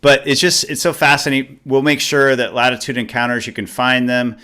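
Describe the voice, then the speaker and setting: Male show host, upbeat, jokey, bright forceful tone, mid-pitched. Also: flat delivery, fairly quick, smooth. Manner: upbeat and joking. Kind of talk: talk show hosting.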